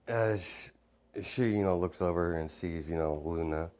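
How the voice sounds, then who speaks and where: Young man, low pitch, improvised rambling storytelling, self-correcting. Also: flat delivery, moderate pace, a little mellow. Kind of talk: improvised fan-fiction narration.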